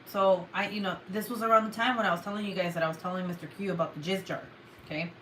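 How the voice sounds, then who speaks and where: Young woman vlogging, bright voice, swears a lot, animated, faint hiss behind. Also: fairly low pitch, fast talker. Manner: swears a lot, animated retelling with loud outbursts. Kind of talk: casual storytelling to viewers.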